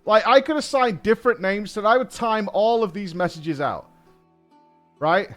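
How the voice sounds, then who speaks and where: A man's voice: high-pitched, normal speed, fairly bright tone, soft background music. A man streaming casually, ranting and swearing with sardonic humor and laughing at himself.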